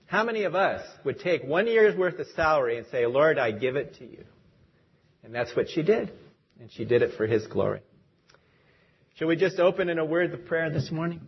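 A man's voice: on the high side, animated, moderate pace, husky, dull audio. A man preaching a sermon as pastor, leading a prayer and telling stories in an earnest, lightly humorous way.

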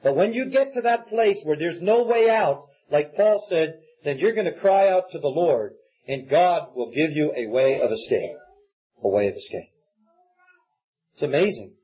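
High-voiced husky man preaching. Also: animated, moderate pace. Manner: earnest preaching, acts out quoted pleas. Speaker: pastor. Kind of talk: sermon. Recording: dull lo-fi recording.

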